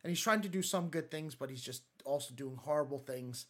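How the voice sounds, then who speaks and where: Male speaker, relaxed church talk, slightly high pitch, conversational with restarts and quoted voices. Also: fairly quick. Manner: conversational, many fillers and restarts, acts out quotes. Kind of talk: casual sermon talk.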